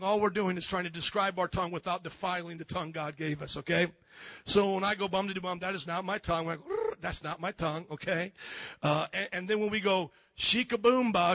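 Bright-voiced joking pastor preaching. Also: male voice, sits high, quick pace, no echo, lo-fi sound. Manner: animated and joking, acts out quotes. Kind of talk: lively sermon.

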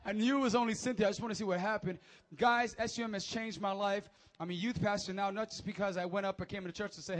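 A young man, a youth pastor, giving energetic, joking announcements and preaching to teens, often calling for amens. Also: high-pitched, brisk.

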